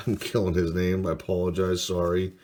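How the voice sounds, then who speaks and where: Reading off player names one by one, a card collector hosts a relaxed card-break video with mild enthusiasm and no rush. His low voice has a flat delivery and a darkish tone.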